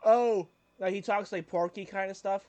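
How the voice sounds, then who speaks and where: A young man with a high voice chats loosely on a podcast, piling up fillers and restarts. He jumps into loud mimicry now and then. The sound is dry and close. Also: steady tone, normal speed, no room sound. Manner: rambling, filler-heavy, breaks into loud impressions. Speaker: podcast co-host. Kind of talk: casual podcast chat.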